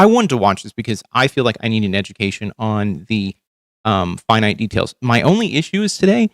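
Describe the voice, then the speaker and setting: A man's voice: medium pitch, fairly bright tone, no echo, clean studio sound. A man hosting a livestream from home, ranting in casual, profane commentary, tired and overcaffeinated. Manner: rambling, profane, exasperated ranting. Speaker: livestream host.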